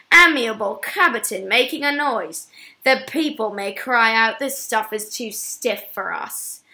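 A woman recites a poem slowly in a put-on English accent, leaning hard on each word. Her voice sits a little high and rings bright and sharp. The delivery is deliberate and theatrical. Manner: emphatic, stressing each listed word. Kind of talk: dramatic poetry recitation.

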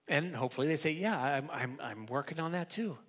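A man's voice: a little high, a little fast, a bit bright. A man preaching a sermon as pastor in a church, talking conversationally and often restarting and repeating words. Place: church sanctuary.

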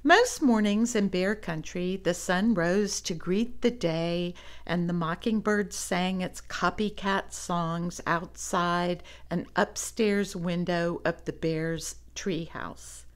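A woman reading a children's storybook aloud, with animated asides to young listeners. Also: fairly low pitch, slow pace, hardly any pauses. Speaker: storybook reader.

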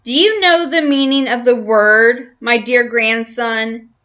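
Storybook figure: a woman playing a shrieking old grandfather mouse, bossy and loud, bright voice. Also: fairly high pitch, lively intonation, slow pace, full character voice. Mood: bossy shouting. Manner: shouting, bellowing orders.

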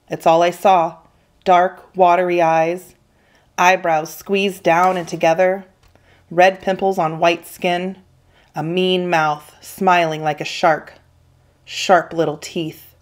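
A woman teacher reading a children's novel aloud with steady, expressive storytelling. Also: on the low side. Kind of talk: children's book read-aloud.

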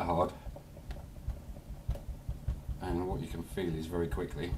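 A man's voice: low-pitched, little pitch movement, slow. A man with a cough rambling casually through a workshop tutorial, full of chatty asides. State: has a cough. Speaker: hobby knife maker. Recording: loud sanding and rubbing noise.

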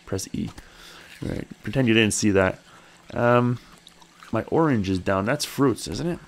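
A man hosting a let's play, chatting as he plays, thinking aloud and talking to his character, with sudden excited high exclamations. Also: measured pace. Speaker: gaming channel host.

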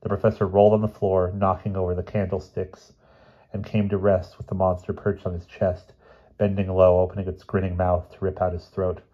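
A man reading a novel aloud as an audiobook narrator, steady, with small slips and restarts. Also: low voice, a little fast, muffled recording. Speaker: audiobook reader.

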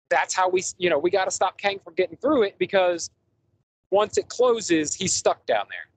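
A man's voice: high voice, animated, normal speed, rough recording. Rambling man chatting movies on a podcast. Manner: rambling, enthusiastic, frequent fillers and restarts. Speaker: podcast host. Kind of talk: casual podcast movie review chat.

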